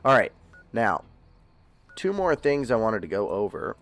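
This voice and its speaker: A man's voice: on the low side, big pitch swings, a little slow, fairly bright tone, soft background music. A man casually chatting to his viewers as a game streamer, rambling with lots of fillers and restarts. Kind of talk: casual livestream chat.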